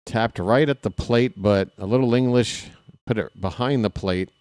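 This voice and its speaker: A man calling a baseball game live in a casual play-by-play style, chatty and candid, drifting into personal asides between the pitches. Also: normal speed, darkish tone, dry recording, studio quality. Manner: candid and self-deprecating. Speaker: play-by-play announcer.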